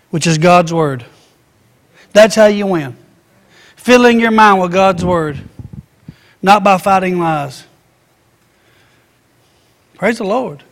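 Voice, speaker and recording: A man's voice: sits high, slow pace, pauses often, a bit bright. A man preaching a sermon, asking rhetorical questions and acting out everyday voices. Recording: echoey hall reverb.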